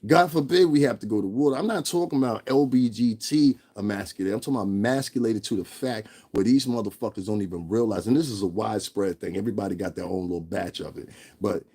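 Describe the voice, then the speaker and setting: A man's voice: lowish voice, quick pace, mellow, slightly rough. A man ranting in a profane, blunt commentary vlog, stressing his points and laughing between them. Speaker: vlogger.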